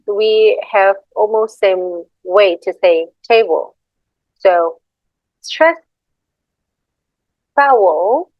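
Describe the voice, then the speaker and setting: A woman's voice: mid-range voice, no echo. A young woman with an Indonesian accent giving a class presentation, hesitant and apologetic, reading slides and repeating example words. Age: young adult. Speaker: student presenter. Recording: dull lo-fi dry recording.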